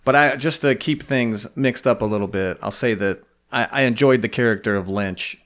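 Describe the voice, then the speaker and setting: A man co-hosting a podcast, chatting casually about a film in a measured, hesitant way. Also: medium pitch, a bit bright. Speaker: podcast co-host. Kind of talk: casual movie chat.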